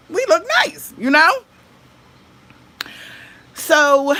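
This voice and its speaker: A woman recounts a story straight to her viewers. She talks in a loose, chatty way, acts out the dialogue and swears freely. Her voice is bright and forward. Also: medium pitch. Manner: animated, laughing, swearing, acting out dialogue. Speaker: vlogger.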